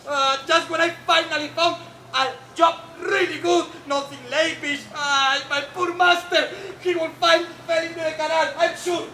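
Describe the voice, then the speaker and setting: A man's voice: very high-pitched, fairly even intonation, moderate pace, bright, forceful tone, a little hiss or hum, exaggerated voice. A man playing a cheeky, hungry comic servant with a put-on Italian accent. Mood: dismayed. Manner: playful, boastful, clowning. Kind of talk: live stage comedy acting. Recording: echoey stage recording with audience.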